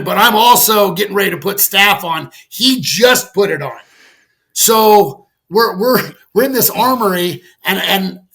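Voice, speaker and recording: A middle-aged man, a podcast guest, telling a story in a candid, animated way, with lots of "like" and casual swearing. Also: sits high, creaky. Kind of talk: conversational storytelling.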